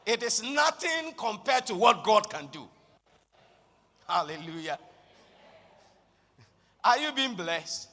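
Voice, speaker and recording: A male preacher with a very high, piercing, brilliant voice delivers an impassioned sermon. His words ring out with a long reverb, as in a large hall. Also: animated, takes it slowly, pauses often. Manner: impassioned, building to shouted declarations.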